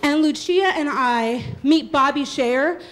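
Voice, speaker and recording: A woman in her thirties telling a true personal story live on stage, lively and laughing, acting out the voices of the people she quotes. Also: sits high, takes it slowly. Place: small live venue with audience.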